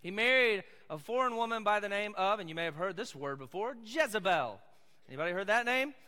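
A man's voice: sits high, animated, brisk, sharp tone, smooth, in a large hall. A man with a Southern American accent preaching a sermon as pastor, casual and conversational with asides to the audience.

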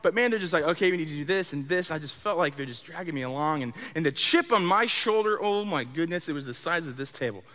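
A man giving a sermon testimony in a conversational way, stumbling over repeated words and swinging between soft low stretches and loud excited bursts. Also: quick pace, hardly any pauses. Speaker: speaker sharing his testimony. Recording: long hall reverb.

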